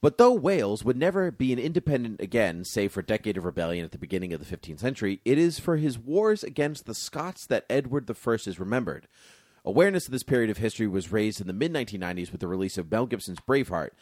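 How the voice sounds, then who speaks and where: Brief: low-pitched male host reading history aloud, cracking jokes between lines, dry close sound. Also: fast talker, no room sound. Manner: jokey, animated asides while reading aloud. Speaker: podcast host. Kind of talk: casual chat, reading from a history book.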